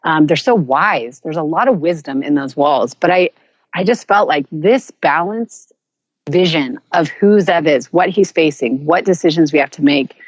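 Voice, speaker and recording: A woman guest telling a personal story in an earnest, reflective way, often pausing and restarting. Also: low voice, lively intonation, no echo, muffled recording. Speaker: podcast guest.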